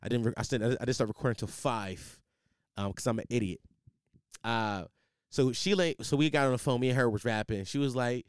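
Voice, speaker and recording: Young man as podcast host, animated and profane, clear voice on a close studio mic. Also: lowish voice, brisk, dry recording. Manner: animated, profane, rambling with restarts. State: tired, sleepless. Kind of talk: casual storytelling monologue. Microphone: studio microphone.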